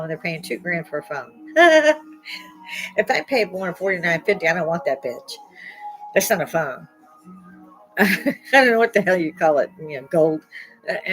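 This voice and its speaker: An older woman hosting a podcast, talking in a rambling, opinionated monologue, salty and quick to laugh at her own jokes. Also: on the low side, low-quality recording. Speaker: podcast host.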